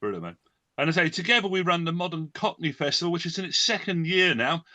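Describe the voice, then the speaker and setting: Bright, chatty man hosting an online talk. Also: on the high side, expressive, fast talker, no room sound. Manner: hesitant, many fillers and restarts. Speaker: host. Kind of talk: online event presentation.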